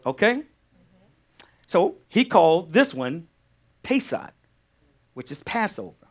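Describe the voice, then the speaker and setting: A male pastor teaching a sermon, animated, repeating key phrases and firing questions at his congregation. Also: high-pitched, slow pace, pauses often.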